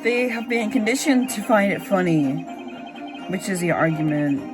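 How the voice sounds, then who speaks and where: A woman's voice: medium pitch, lively intonation, moderate pace, music in the background. A woman giving casual reaction commentary, musing aloud with lots of fillers and restarts. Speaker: reaction video host.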